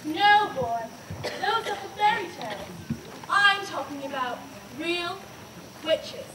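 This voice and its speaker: Playing an old grandmother in an amateur stage play, a woman tells scary witch stories slowly and dramatically, drawing out words for emphasis in a very high, expressive, exaggerated voice. Her doting character warns of witches in an ominous mood. It was captured on a camp stage in an audience hall by a distant camera in the crowd, with faint hiss.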